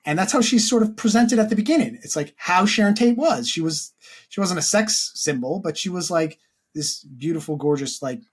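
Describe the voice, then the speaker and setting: A man's voice: high-pitched, animated, moderate pace, husky. A man co-hosting a film podcast, talking casually and earnestly, full of "like" and restarts. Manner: rambling, heavy use of "like", earnest. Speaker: podcast co-host.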